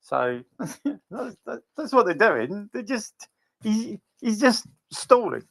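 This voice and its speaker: A man with a slightly high voice holds forth on a live audio panel. He is blunt and sarcastic and keeps hammering the same point. The sound is dry, with no room around it. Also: sing-song, takes it slowly, creaky, a bit bright, no echo. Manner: blunt, sarcastic, swings into high emphatic bursts. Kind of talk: casual panel discussion.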